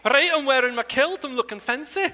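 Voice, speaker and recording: A man's voice: extremely high pitch, a little fast, bright, forceful tone, voice pushed up. A man doing a swaggering Scotsman. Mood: boastful. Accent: put-on Scottish. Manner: swaggering, showy. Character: boastful Scotsman in a kilt. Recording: echoey hall.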